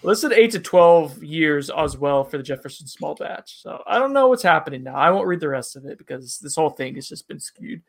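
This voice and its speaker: A man's voice: on the high side, animated, brisk, vocal fry, few pauses. A man co-hosting a casual bourbon review chat, rambling and self-deprecating, with lots of fillers.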